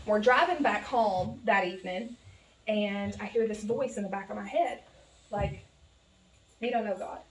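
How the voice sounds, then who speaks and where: A woman's voice: mid-range voice, moderate pace, slight background noise. A woman preaching a heartfelt, folksy sermon as a guest preacher, sincere and openly emotional. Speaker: guest preacher, pastor's wife. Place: church sanctuary. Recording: echoey church, distant mic.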